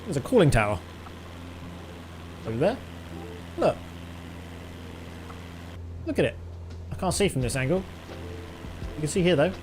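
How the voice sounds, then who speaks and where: A man's voice: fairly high pitch, sing-song, a little slow, pauses often, slight background noise. A young British man chatting casually with his live chat while flying a simulator, rambling and laughing often. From Britain. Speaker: flight sim streamer.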